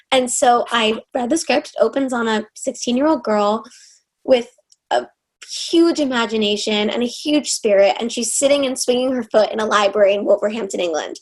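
This Los Angeles actress, in her twenties, speaks to an interviewer at a normal speed in a slightly high voice. Her story comes out earnest and effusive, with sentences often started over, and the audio is rough.

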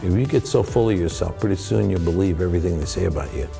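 Over music, a guest actor with a low, gravelly, expressive voice speaks quickly to a roomful of students, candid and earnest about his work. He laughs and acts out quotes for the live audience.

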